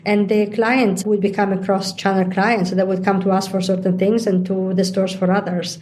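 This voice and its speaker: A woman's voice: mid-range voice, level tone, normal speed, a little mellow. A middle-aged woman, a guest in an interview, explaining her points at length with examples. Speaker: interview guest, digital executive. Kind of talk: conversational interview.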